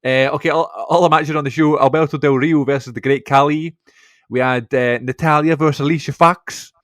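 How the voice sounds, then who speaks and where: A man's voice: a little high, steady tone, a little fast, no room sound, clean studio sound. A Scottish man co-hosting a podcast, chatting casually, laughing often and reading out lists of matches. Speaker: podcast co-host.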